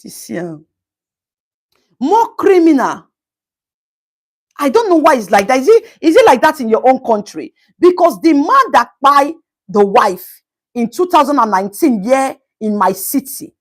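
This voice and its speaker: A woman talks through a live stream in a high voice. Her pitch swings widely as she comments, and she breaks off to greet viewers by name. She slips into Pidgin asides.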